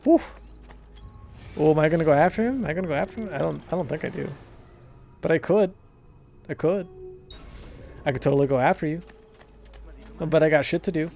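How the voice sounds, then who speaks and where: A man's voice: a little high, fairly quick, gravelly, long pauses, darkish tone, faint music behind. A young man giving casual, profane, rambling commentary as he plays a video game, laughing often. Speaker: gameplay commentator. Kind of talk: casual let's-play commentary.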